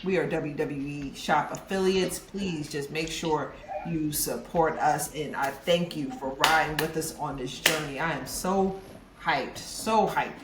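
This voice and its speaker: An excited co-host thanking podcast listeners in a drawn-out, slangy way. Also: medium pitch. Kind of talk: casual podcast chat. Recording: echoey room with clear noise.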